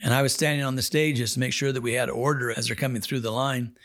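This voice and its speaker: A man's voice: medium pitch, fairly even intonation, fast, a bit bright. A man, a chaplain, telling a story from the pulpit in an earnest, folksy way, acting out the dialogue. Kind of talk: storytelling sermon.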